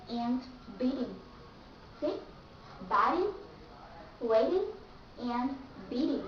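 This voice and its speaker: A high-voiced woman with a Vietnamese accent teaches a slow, careful English pronunciation lesson, repeating each example word. She sits some distance from the mic in a very echoey room, and the sound is dull and muffled. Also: a little hiss or hum.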